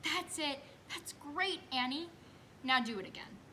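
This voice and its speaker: A brisk, calm male doctor coaches a patient through a birth, quoted by a young woman in a stage monologue. The delivery is bright, slow and coaxing. A faint hiss runs underneath. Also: high voice, voice pushed up. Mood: coaching. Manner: coaxing, instructive.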